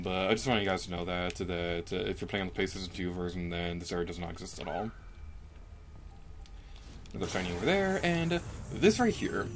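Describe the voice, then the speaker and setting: A young man giving casual let's play commentary into a desk microphone, chatty and self-mocking, with sudden pitch jumps when he gets excited. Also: slight background noise.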